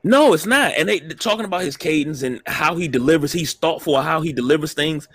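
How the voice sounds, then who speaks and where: A man co-hosting a casual wrestling talk show, blunt and animated, swearing freely. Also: on the high side, fairly quick, husky, no echo. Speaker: podcast co-host.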